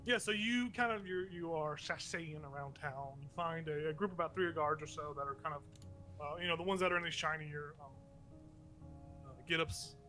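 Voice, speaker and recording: Male game master: bright, slightly high voice, improvised and rambling. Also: fairly quick, soft background music. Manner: loose, rambling, laughs often. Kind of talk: improvised tabletop narration.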